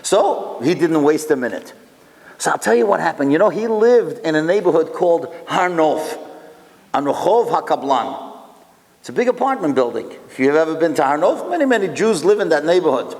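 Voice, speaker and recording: Animated rabbi telling stories to a hall. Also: male voice, a little high, moderate pace. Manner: animated, rhetorical questions, Hebrew and Yiddish terms. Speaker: rabbi and lecturer. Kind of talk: storytelling speech to an audience.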